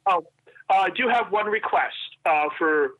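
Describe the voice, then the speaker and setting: A man's voice: high-pitched, animated, a little slow. A man from Pennsylvania calling a talk show, speaking hesitantly with many fillers. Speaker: caller, author. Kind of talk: casual phone chat. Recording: muffled phone line.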